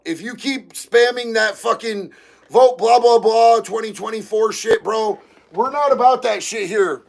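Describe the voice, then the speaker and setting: A man hosting a casual livestream, reading viewer comments aloud and talking in an excitable, profane way that breaks into shouting. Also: high voice, gravelly. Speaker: livestream host reading chat.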